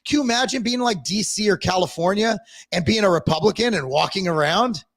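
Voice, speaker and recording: A man ranting casually on a podcast livestream, profane and animated as he tells stories. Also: sits high, fairly quick. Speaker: podcast co-host. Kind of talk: casual political rant.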